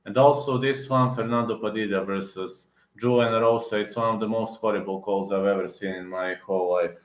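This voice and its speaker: A man with a fairly low voice rants heatedly to camera like an MMA reaction vlogger. He circles back to the same points and stresses them again. His voice carries a noticeable echo off the room. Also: fairly even intonation, a little fast. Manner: repetitive, emphatic, many fillers and restarts. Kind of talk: heated casual rant to camera.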